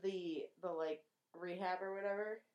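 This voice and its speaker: A woman's voice: lowish voice, fairly even intonation, moderate pace, a little mellow. A young woman co-hosting a casual film chat, laughing often and filling with "like". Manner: laughs often, many fillers. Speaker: podcast co-host. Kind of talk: casual movie discussion.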